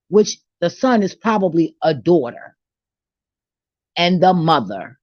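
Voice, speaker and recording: A woman's voice: on the low side, very animated, takes it slowly, long pauses, a little mellow, dry recording, lo-fi sound. A woman delivering a blunt, profane, preachy rant on faith, confrontational and unfiltered, to her own channel. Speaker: vlogger. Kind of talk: ranting spiritual monologue.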